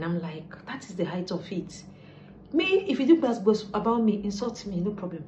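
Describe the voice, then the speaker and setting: A woman's voice: medium pitch, normal speed. A woman with a Nigerian accent, a lifestyle vlogger chatting casually to camera and slipping into pidgin. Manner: chatty, mixes pidgin, lively asides. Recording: slightly dull lo-fi sound with faint background noise.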